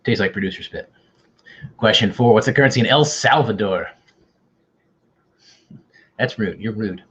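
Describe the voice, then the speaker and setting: A man's voice: on the low side, moderate pace, breathy edge, highs cut off. A man hosting an online quiz, bantering casually and teasing himself. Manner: joking, self-deprecating banter. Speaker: quiz host.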